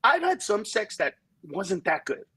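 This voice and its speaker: Husky higher-voiced man telling stories. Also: a little slow, poor audio. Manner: animated storyteller who acts out voices in quotes. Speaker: guest comedian. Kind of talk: candid talk-show conversation.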